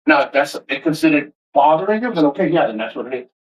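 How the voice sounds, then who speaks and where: A man ranting to camera in a passionate, energetic, heavily profane way, rambling and restarting as he makes his points. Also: on the high side, fast talker, dull audio. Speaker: vlogger. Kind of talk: casual rant to camera.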